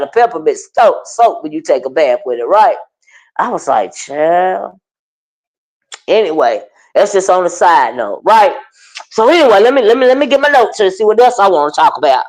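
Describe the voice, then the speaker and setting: A chatty woman host with a drawl talks straight to her live viewers and calls them by name. She rides up and down through a wide, lively range, and her voice sits a little high. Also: low-quality recording. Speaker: commentary channel host. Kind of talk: casual commentary on online drama.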